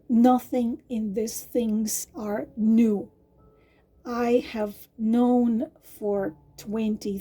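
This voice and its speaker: A woman tarot reader with a hoarse, partly lost voice, talking casually and haltingly with many fillers and restarts. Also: a little high, warm tone. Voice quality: husky, breathy. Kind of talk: casual tarot reading monologue.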